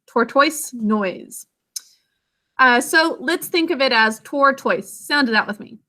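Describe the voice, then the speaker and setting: A woman's voice: sits high, normal speed, bright, forceful tone. A woman teaching a reading and spelling lesson over a video call, sounding out words syllable by syllable and encouraging her pupils.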